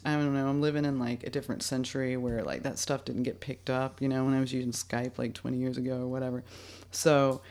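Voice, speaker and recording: A woman's voice: rumbling low, darkish tone. A woman hosting a podcast, chatting casually, laughing often and rambling. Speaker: podcast host. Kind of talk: casual chat.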